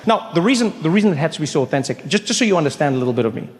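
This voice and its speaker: South African man doing animated stand-up. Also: fairly high pitch, racing. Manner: animated, acts out characters with voice jumps. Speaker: stand-up comedian. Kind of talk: stand-up storytelling. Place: large theater stage. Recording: live hall with faint crowd noise.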